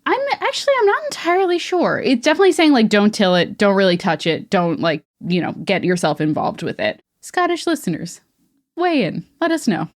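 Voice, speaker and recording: A woman's voice: mid-range voice, very animated, a little fast. A woman co-hosting a podcast, relaying folklore in a chatty, lightly amused way. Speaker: podcast co-host. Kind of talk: casual chat.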